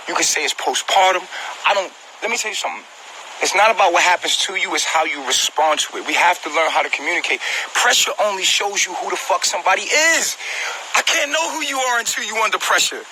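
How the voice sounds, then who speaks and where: A man's voice: high-pitched, expressive, brisk, sharp tone, a little hiss or hum, rough recording. A man venting at home on a phone livestream, upset and hurt, talking straight to his viewers with repetition and swearing. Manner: agitated, repetitive, profane, talks directly to viewers. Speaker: vlogger on a live stream. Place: at home, indoors.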